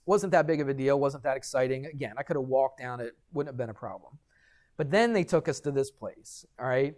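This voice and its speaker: A middle-aged man, a math teacher, telling a story to his class and lecturing in an animated way, checking in with students as he goes. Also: mid-range voice. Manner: animated, addresses students directly with frequent "right?".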